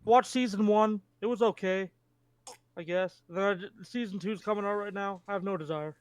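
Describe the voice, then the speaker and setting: A man's voice: high-pitched, normal speed, smooth, dry recording. A man chatting as a stream co-host, joking and ranting with crude humor. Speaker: co-host friend. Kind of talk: casual chat.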